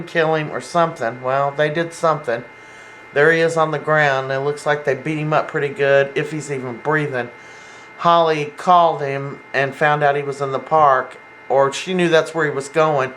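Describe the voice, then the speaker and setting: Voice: mid-range voice, steady tone, normal speed, a bit bright, slight background noise, low-quality recording. A soap opera fan giving a casual, rambling episode recap, full of fillers and restarts. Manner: rambling, acts out quoted lines, many fillers.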